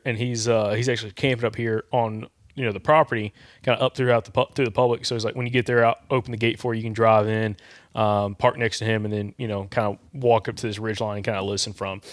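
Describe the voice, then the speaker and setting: A man with a drawl hosts a podcast and rambles through a story in a relaxed, easygoing way. His voice sits at an ordinary middle pitch. It is recorded close and dry, with no room sound. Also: dry recording. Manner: rambling, relaxed anecdote-telling. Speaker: podcast host.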